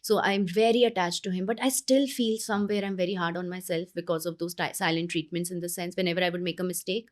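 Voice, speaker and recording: A woman, a parenting coach speaking earnestly in an interview, pausing and restarting her thoughts. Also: on the low side, steady tone. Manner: earnest, with many pauses and restarts. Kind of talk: conversational interview advice.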